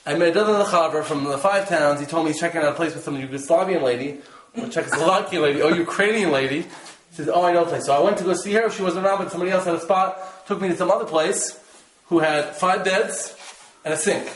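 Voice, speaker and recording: A man casually telling the story of his trip, animated and laughing, acting out his own exclamations. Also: fairly high pitch, fast, roomy sound, a little hiss or hum, low-quality recording. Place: rented room.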